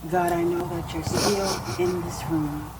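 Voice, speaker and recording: A woman minister ministering and praying aloud on a TV program, fervent and deliberate, with soft music behind her. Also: fairly low pitch, fairly even intonation, heavy background noise. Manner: fervent, slow and deliberate, preacherly. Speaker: Christian minister.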